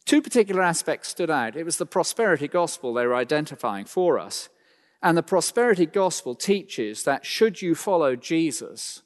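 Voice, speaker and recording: A man preaching a sermon, swinging between loud emphatic lines and quiet slowed phrases, with dry asides. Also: fairly high pitch, sing-song. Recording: long hall reverb.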